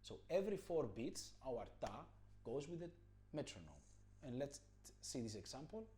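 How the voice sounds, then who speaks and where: Patient man with a lively voice. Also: moderate pace. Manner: patient, explanatory, chants rhythm syllables loudly and high. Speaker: music teacher. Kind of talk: rhythm lesson with spoken counting syllables.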